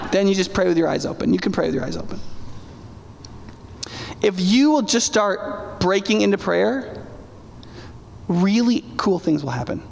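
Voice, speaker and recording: A pastor preaching a sermon with animated, emphatic delivery, acting out little asides. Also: male voice, high voice, normal speed, gravelly, slight background noise. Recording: reverberant hall.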